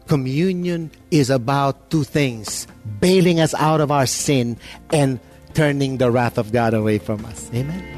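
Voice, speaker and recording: A man pastor preaching a sermon, emphatic, swinging from soft asides to loud stresses. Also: medium pitch, unhurried, no room sound, clean studio sound, soft background music.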